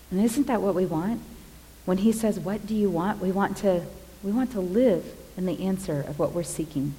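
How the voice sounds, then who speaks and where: A woman giving a sermon, retelling scripture in an expressive, dramatic way. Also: on the low side, measured pace, long reverb tail, rough recording. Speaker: preacher.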